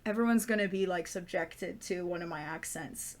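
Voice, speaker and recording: A woman running a tabletop game as game master, playful and casual, with quick asides and swearing. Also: fairly low pitch.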